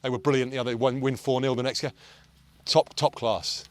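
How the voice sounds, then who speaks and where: The coach, a man in his forties, races through his words with a medium pitch and a flat delivery. It's a casual outdoor chat on a golf course, and he's blunt and intense, swearing now and then as he tells stories.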